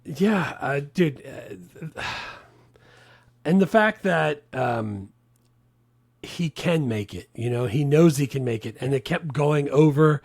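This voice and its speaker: A man's voice: fairly high pitch, expressive, slow pace, creaky, a little mellow, breathy edge, no room sound. A man co-hosting a podcast in casual movie chat, laid-back, laughing often and saying "dude" a lot. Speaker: podcast co-host.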